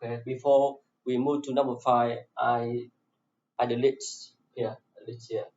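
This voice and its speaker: A man teaching an English grammar lesson in a classroom, slowly repeating each phrase for his students in non-native English with small grammar slips. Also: medium pitch, level tone, darkish tone. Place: classroom with a board. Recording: echoey, distant, dull lo-fi classroom recording.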